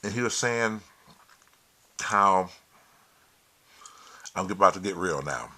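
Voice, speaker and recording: A man vlogging a casual monologue to camera, preachy and emphatic with plenty of swearing, who gets loud and heated when retelling stories. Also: sits low, expressive, takes it slowly.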